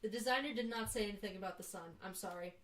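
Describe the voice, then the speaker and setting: A woman's voice: medium pitch, very fast, fairly bright tone, recorded from a distance. A young woman, a podcast guest, telling a rambling story among friends, stopping to correct herself and laughing often. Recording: echoey room, off-mic, faint noise.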